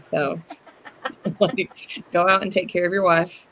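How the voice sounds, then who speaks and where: An adult with a Northern US accent that drifts Southern, chatting casually as a co-host in a relaxed, rambling way. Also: mid-range voice, takes it slowly, a crowd in the background. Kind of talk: casual chat.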